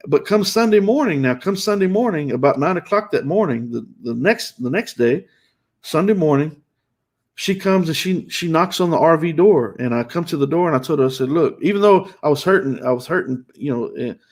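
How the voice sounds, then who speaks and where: Male host, raw and emotional storyteller, fairly high voice, stumbling restarts. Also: expressive, a little fast. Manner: emotional, many restarts and repetitions.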